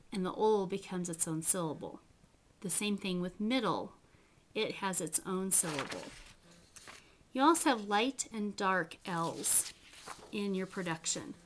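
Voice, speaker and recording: A woman giving a classroom presentation on phonetics, who speaks slowly and carefully, sounds out example words and corrects herself as she goes. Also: medium pitch.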